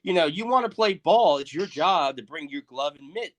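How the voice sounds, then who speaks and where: A man in his thirties riffs through a crude, profane comedic rant as a podcast co-host. His voice sits a little high. He keeps lurching between loud outbursts and low, muttered asides. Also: animated, moderate pace. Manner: profane, ranting, swings loud and soft.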